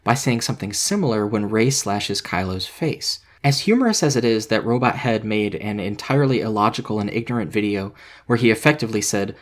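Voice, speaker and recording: A man narrating a scripted video essay in a measured, analytical way. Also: lowish voice, lively intonation.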